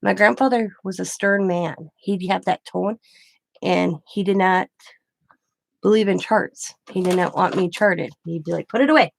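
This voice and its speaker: A woman's voice: lowish voice, steady tone, a little slow, vocal fry, no room sound. A middle-aged woman hosting a craft channel, chatting casually and rambling through stories while she works. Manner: rambling, storytelling with restarts.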